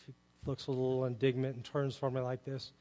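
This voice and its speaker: Pastor telling stories in a big echoing hall. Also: male voice, mid-range voice, monotone, brisk, mellow. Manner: conversational storytelling, rhetorical questions. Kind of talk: sermon with personal stories. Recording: long reverb of a large hall.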